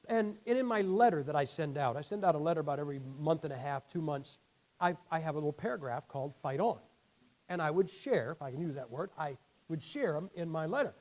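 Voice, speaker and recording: A man in his sixties preaches a sermon bluntly, folksily and emphatically, in a fairly high voice with a darkish tone. Damaged vocal cords leave him short of air at the ends of sentences, and the audio is poor.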